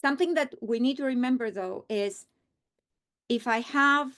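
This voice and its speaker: A middle-aged woman teacher modeling a reading strategy aloud, slow and deliberate, repeating words for emphasis. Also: on the high side, a bit bright.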